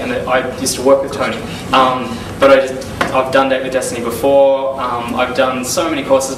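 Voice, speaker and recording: A young man recounts his early business days in a casual, animated way, slipping into the voices of the people he talked to. He sounds set back from the mic in an echoey room, with steady noise behind him and a middling pitch. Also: far from the mic. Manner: animated storyteller, acts out phone calls and quotes. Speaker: business consultant giving a testimonial. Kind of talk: casual storytelling testimonial.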